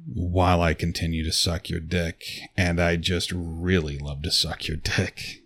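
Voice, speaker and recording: A man with a very deep, husky voice narrates an intimate second-person erotic story. He takes his time and teases softly, close to the mic. The sound is dry, with no room around it. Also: flat delivery, no room sound. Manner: slow, low, teasing and intimate.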